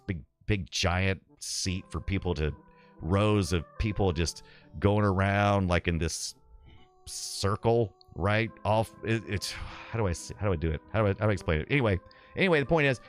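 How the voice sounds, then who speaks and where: A middle-aged man from the southeastern US streaming a game live, rambling nostalgically and reading his viewers' chat aloud. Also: deep voice.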